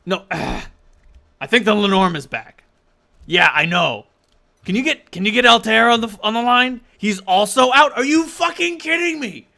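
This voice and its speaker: A man playing a manic, foul-mouthed emperor in a tabletop game, raising his voice and swearing in frustration. The voice is pushed higher and louder than the narrator's own. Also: animated, normal speed, creaky, exaggerated voice. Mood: exasperated. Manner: frantic and swearing. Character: frantic, foul-mouthed male dragon emperor.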